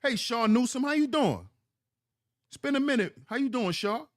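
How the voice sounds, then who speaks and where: High, lively man preaching on a livestream. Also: moderate pace. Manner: preachy, emphatic, repeats lines for effect. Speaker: livestream host. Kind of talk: livestream commentary reading chat.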